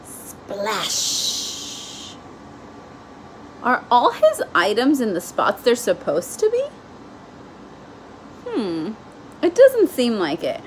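Young woman teacher, gentle children's read-aloud, slow and lilting, asks the kids questions. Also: a little high, wildly swooping pitch, slight background noise.

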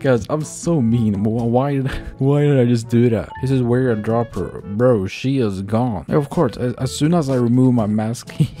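A man doing gameplay commentary, excitable and laughing often, swearing freely. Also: mid-range voice, normal speed, hardly any pauses, music in the background. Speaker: gaming YouTuber.

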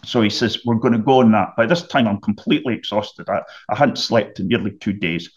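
A middle-aged man from the United Kingdom, a podcast guest telling a vivid story and often clearing his throat. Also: on the low side, fairly quick, muffled recording. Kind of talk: storytelling anecdote.

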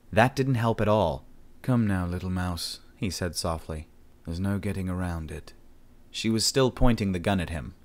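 A male audiobook narrator with a very deep voice. He reads a sci-fi story in a steady, measured way, keeping an even storytelling pace. The delivery stays grounded and unhurried.

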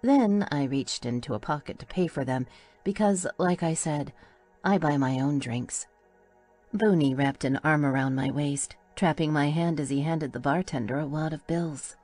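A woman's voice: low voice, a little slow, a little mellow, soft background music. A woman narrating a first-person audiobook in a wry, playful storytelling manner.

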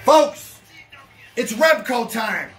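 A man hosting a home unboxing vlog, hyping every item with loud, shouted catchphrases in a collection room. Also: very high-pitched, animated, very slow, soft background music.

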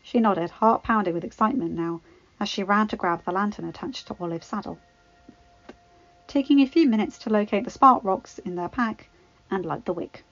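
A woman narrating a fanfiction story in an even, measured reading voice. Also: medium pitch, no room sound. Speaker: fanfiction reader. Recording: dull lo-fi, dry.

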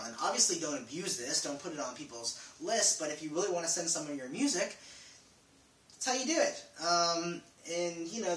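Man, bright forceful voice, rambling casual vlog, echoey room heard from off-mic with faint noise. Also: fairly high pitch, far from the mic. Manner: rambling, filler-heavy, jokey. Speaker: vlogger.

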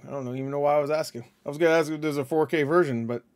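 A man's voice: fairly high pitch, rapid-fire. A man hosting a casual movie reaction, rambling and hesitant, often correcting himself mid-sentence.

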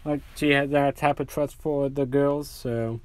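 A man's voice: medium pitch, fairly even intonation, unhurried, smooth, dry recording. A man telling an improvised fan story in a rambling way, full of fillers.

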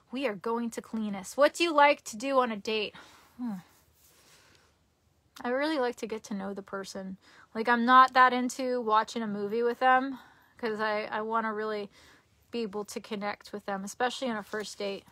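A woman's voice: on the high side, pushed and bright, no room sound. A young woman chatting casually on a live stream from her cluttered bedroom, giggly and rambling, often restarting her sentences. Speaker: vlogger.

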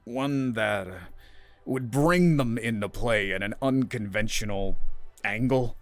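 A man's voice: mid-range voice, slow pace, gravelly, dry recording, soft background music. A man voicing a disgraced former chess grandmaster who speaks hesitantly in a tight, frail-sounding voice. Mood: tense hesitance.

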